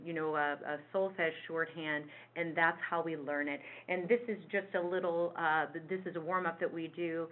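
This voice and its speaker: Woman, choir director, explanatory webinar talk, somewhat low voice, tinny phone-line sound. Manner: explanatory, with frequent fillers. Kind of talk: webinar presentation. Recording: phone-like narrow band.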